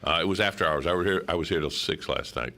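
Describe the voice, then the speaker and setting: A man's voice: quick pace, creaky, pushed and bright. A man chatting casually as a radio co-host, trading stories. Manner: chatty, drops low for asides. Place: radio station.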